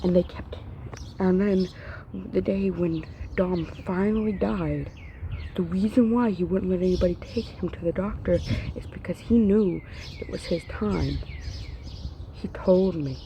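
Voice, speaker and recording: Upset young woman with creaky voice. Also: on the low side, unhurried, dull audio, slight background noise. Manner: upset, grieving, voice breaking, drops to whispers. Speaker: vlogger. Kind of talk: emotional rant to camera.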